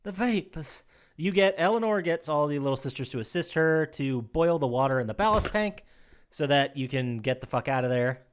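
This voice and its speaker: Male podcast co-host, mid-pitched, animated storyteller, laughs easily, casual recap delivery. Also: brisk, clear, resonant tone.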